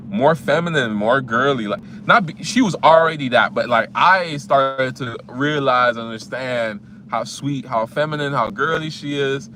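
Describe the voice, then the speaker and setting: A man in his twenties from the United States, casually telling a story about a date, rambling with many fillers and restarts. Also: medium pitch. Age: 20s. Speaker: vlogger. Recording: loud traffic noise behind.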